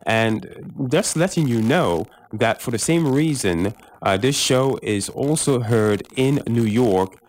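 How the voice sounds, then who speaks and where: A man's voice: medium pitch, lively intonation, a little mellow. A man hosting a radio interview show, enthusiastic, stretching words for emphasis, with many uhs. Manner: enthusiastic, drawn-out emphasis, fillers.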